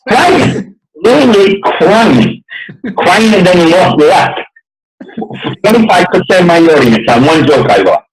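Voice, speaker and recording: A man who works as a stand-up comedian tells a story in a lively way and acts out the voices of the people in it. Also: high-pitched, a little slow, echoey room, poor audio. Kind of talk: storytelling anecdote.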